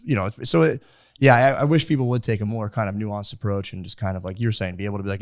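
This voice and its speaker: A man's voice: fairly low pitch, quick pace, no room sound, studio quality. A young man hosting a podcast, chatting casually and rambling with lots of filler words. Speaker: podcast host. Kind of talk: casual chat.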